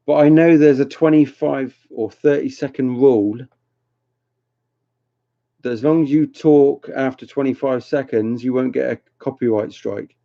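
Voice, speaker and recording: A man's voice: medium pitch, a little slow, gravelly, dark tone. A man hosting a casual livestream, rambling and chatty as he reads comments and teases viewers, often laughing. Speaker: livestream host reading chat. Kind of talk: casual live chat with viewers. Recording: dull lo-fi home stream audio.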